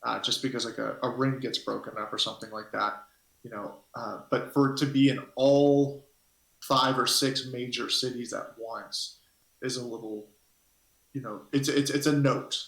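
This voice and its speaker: A man's voice: mid-range voice, level tone, moderate pace, gravelly, a bit bright. A man narrating a tabletop game as game master, rambling and hesitant as he thinks aloud. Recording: echoey room.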